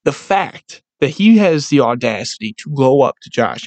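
A young man hosting a casual solo sports podcast, ranting in an animated, profane, rambling way. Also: mid-range voice, moderate pace, few pauses, dry recording. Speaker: podcast host.

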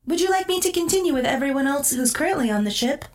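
A woman voicing a polite, formal ship assistant in a measured way. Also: high-pitched, expressive.

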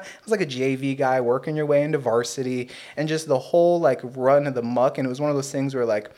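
Animated storytelling man, swears freely. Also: mid-range voice, fast talker, hardly any pauses. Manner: animated, swearing, acts out quotes loudly. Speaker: podcast co-host. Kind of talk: casual storytelling chat.

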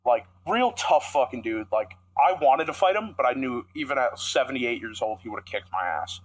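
A man's voice: mid-range voice, expressive, normal speed, slight background noise, rough recording. A young man co-hosting a podcast, telling a rambling, profanity-heavy story in casual chat. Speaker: podcast co-host.

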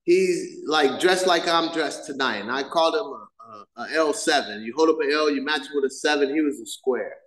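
Middle-aged man telling his story at a meeting, lively and vivid, acts out the scenes, fairly high pitch, echoey room. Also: moderate pace, few pauses. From Southern California. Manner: animated storyteller, acts out scenes with sound effects. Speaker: main speaker at a recovery meeting. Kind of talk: personal storytelling share.

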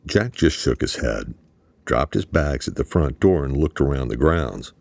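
A male audiobook narrator with a very low, gravelly voice. He keeps a steady, matter-of-fact pace through the story. The recording is dry and close. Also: unhurried, no echo. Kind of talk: scripted narration.

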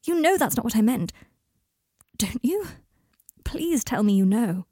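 A woman's voice: on the high side, big pitch swings, a little slow, mellow, husky, no echo, studio quality, pitched above the performer's own voice, exaggerated voice. A woman voicing a weary, protective young man in a storybook reading, strained and pleading.

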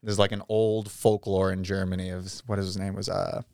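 A man with a lowish voice chatting casually as a podcast guest. He rambles through stories and often trails off mid-thought. The sound is close and dry. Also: little pitch movement, normal speed, a little mellow, no echo. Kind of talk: casual chat.

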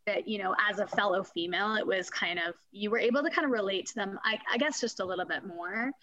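A woman's voice: medium pitch, quick pace, no room sound, highs cut off. A woman who worked as a corrections officer and is a mother, telling stories casually and acting out the voices she quotes. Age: adult parent. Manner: animated storyteller, acts out quoted voices. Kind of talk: casual conversation.

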